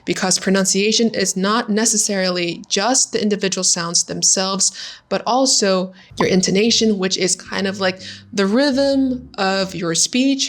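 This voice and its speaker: A young adult woman hosting a casual teaching vlog, bright and positive, demonstrating sounds slowly. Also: mid-range voice. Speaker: language-learning YouTuber.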